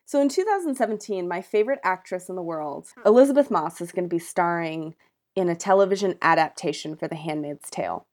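A woman's voice: on the low side, animated, brisk, a little mellow. A woman co-hosting a podcast in casual chat, chatty and sarcastic, laughing often. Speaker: podcast co-host.

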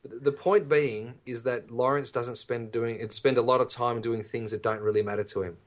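A man's voice: medium pitch, steady tone, moderate pace. A man co-hosting a podcast, talking earnestly and encouragingly to listeners and his co-host. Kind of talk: casual podcast chat.

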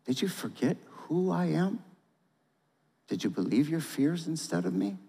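A man voicing a calm, gentle male teacher who speaks in a hushed, questioning tone. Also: a little high, a little slow, gravelly, husky, full character voice. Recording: long hall reverb.

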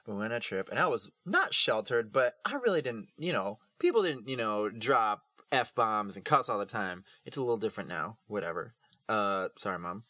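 A man co-hosting a podcast, chatting casually with playful quick quips and telling a story. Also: fairly low pitch, lively intonation, bright, forceful tone, no echo. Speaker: podcast co-host. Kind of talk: casual chat.

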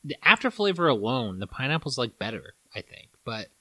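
A man in a relaxed candy-tasting chat, his pitch jumping around with lively energy. He jokes and swears easily. The sound is dry and close, with no room around it. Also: brisk, no echo. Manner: animated, swears, jokey.

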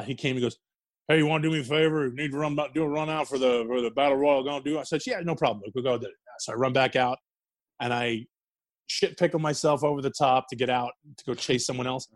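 New guy telling stories, cursing a lot and laughing, mid-pitched, dry close sound. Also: no echo. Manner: swears freely, laughs through stories. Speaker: guest, former wrestler. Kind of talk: casual storytelling interview.

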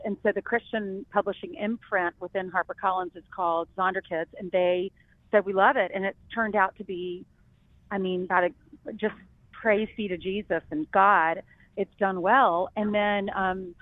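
A woman's voice: mid-range voice, fairly even intonation, moderate pace, dry recording. Woman from South Carolina on tinny line. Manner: earnest, heartfelt, rambling with restarts. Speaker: guest, TV news anchor. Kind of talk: emotional personal storytelling. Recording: dry, tinny phone-like line.

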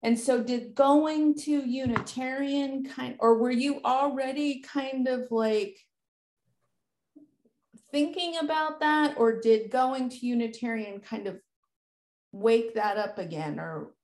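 A woman's voice: sits high, slow pace, a little mellow, reverberant. A woman hosting a conversation who tells a personal story candidly, swearing freely and using lots of filler words. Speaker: podcast host.

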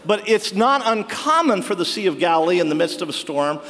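A man's voice: sits high, very animated, a little fast, a bit bright. A man preaching a sermon, telling stories with wry humor and frequent laughter. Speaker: pastor. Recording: long hall reverb.

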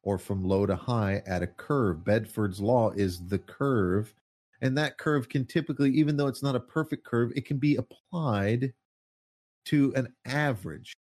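A man's voice: medium pitch, a little slow, darkish tone. A man ranting in casual political commentary, sarcastic and mocking, swearing often and laughing often.

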